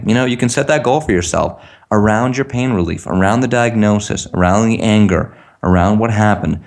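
A man with a very low voice coaches listeners on a call. He talks earnestly and acts out the sentences they could repeat. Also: brisk. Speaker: tapping practitioner, guest on a call. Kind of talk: teaching talk on a call.

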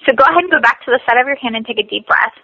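A woman coaching a tapping session, speaking slow, repetitive scripted phrases. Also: fairly high pitch, slightly rough, no room sound, lo-fi sound.

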